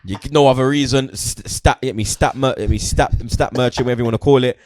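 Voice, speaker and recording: A man's voice: mid-range voice, fast talker, a little mellow, no echo, clean studio sound. A young man chatting casually about football as host, peppering his talk with slang like "you get me" and "blood".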